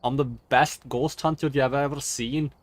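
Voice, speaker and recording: Man voicing a brash swearing ghost hunter, loud show-off game persona. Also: medium pitch, fairly even intonation, unhurried, dry recording, lightly acted. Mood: boastful. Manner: boastful, profane and loud. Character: brash cursing male ghost hunter, boastful. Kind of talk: gaming stream commentary.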